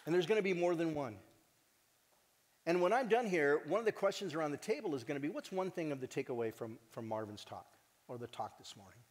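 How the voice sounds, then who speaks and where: Speaking as director of his organization, a man with a slightly high voice talks fast through an earnest, animated and heartfelt conference address, occasionally joking with the crowd. Long hall reverb surrounds the recording.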